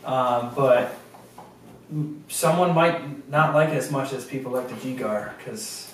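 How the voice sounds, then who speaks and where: A man co-hosting a casual group chat, easygoing and quick to agree. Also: medium pitch, a little hiss or hum. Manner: easygoing, short agreeing remarks. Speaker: co-host. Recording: echoey room, mic at a distance.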